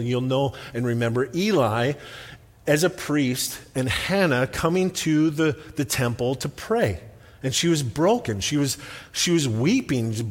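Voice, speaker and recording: Man preaching in an echoing church. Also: mid-range voice. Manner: conversational, self-deprecating storytelling. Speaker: pastor. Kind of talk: sermon. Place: church sanctuary.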